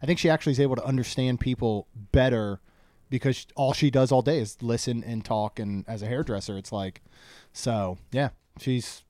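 A man's voice: medium pitch, normal speed, a little mellow, no room sound. A man co-hosting a casual podcast, trading dry, joking banter. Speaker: podcast co-host. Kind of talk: casual chat.

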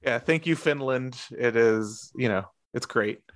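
A man's voice: mid-range voice, unhurried, no room sound, studio quality. A man co-hosting a podcast, chatting casually and laughing through his rambling asides. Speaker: podcast co-host. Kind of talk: casual chat.

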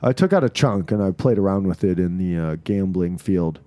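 Deadpan man joking on a podcast. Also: sits low, brisk, dry recording. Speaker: podcast co-host. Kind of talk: casual comedic banter.

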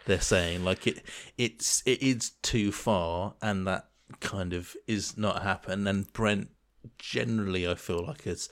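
A man in casual chat as a co-host, talking earnestly in long, searching sentences. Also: sits low. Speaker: podcast co-host.

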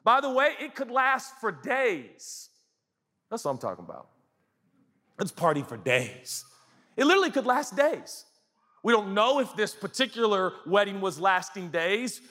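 A male pastor telling a funny wedding story in his sermon, jokey and animated, quizzing the crowd. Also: high voice, moderate pace. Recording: long hall reverb.

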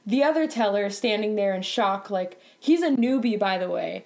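A young woman telling a work story in a casual vlog, animated and exasperated, laughing often, her voice climbing higher when upset. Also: moderate pace.

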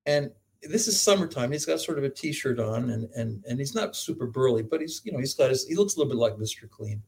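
A man's voice: medium pitch, lively intonation, brisk, creaky, a little mellow, slightly rough. A man talking as a guest professor on an interview show, telling stories animatedly and laughing often. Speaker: guest, medical school professor. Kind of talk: storytelling interview talk.

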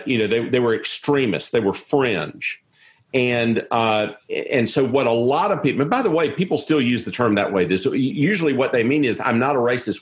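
A man, an interview guest talking in a rambling way with many restarts. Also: mid-range voice. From South Carolina, US. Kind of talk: conversational interview.

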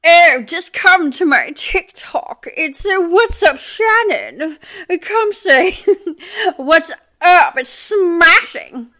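A woman putting on a campy, posh British accent with a showy, drawn-out delivery. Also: extremely high pitch, expressive, bright, forceful tone, voice pushed up, exaggerated voice. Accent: British put-on.

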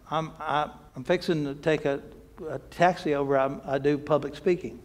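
A man's voice: on the high side, steady tone, moderate pace. A man preaching a sermon, telling stories in a folksy, conversational way and often repeating words. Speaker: pastor. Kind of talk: sermon with storytelling.

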